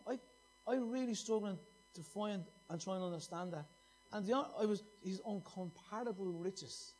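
A man's voice: high voice, a little mellow. A middle-aged man preaching a sermon, impassioned and repeating phrases for emphasis.

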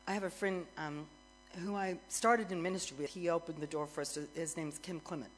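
A middle-aged woman worship minister telling a lively story as part of a sermon, getting more excited and louder as it goes. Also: fairly low pitch, fairly quick, soft background music, poor audio. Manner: animated storyteller, grows excited and loud, laughs.

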